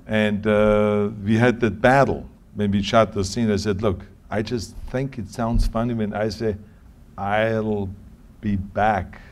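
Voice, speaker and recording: A man with a German accent telling stories in an interview, talking quickly and often restarting his sentences. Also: on the low side, a little mellow. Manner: tumbling words, frequent restarts. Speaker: interview guest. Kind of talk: anecdotal interview answers.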